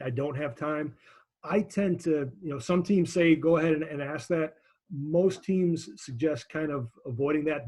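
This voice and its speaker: A man's voice: fairly high pitch, darkish tone, husky. A male instructor coaching students through sales calls on a video call, direct and encouraging, with frequent restarts.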